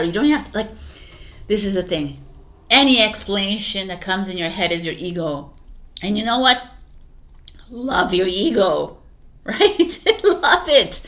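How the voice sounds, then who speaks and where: Woman tarot reader, casual spiritual chat, bright and keen tone, rambling delivery with lots of "like". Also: lowish voice. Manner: rambling, heavy use of "like", frequent soft laughs.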